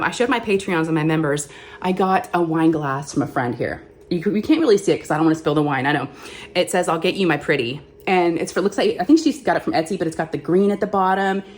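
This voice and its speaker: Chatty woman, lowish voice. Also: slight background noise. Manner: chatty, rambling, self-deprecating. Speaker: craft channel host. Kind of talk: casual crafting vlog chat.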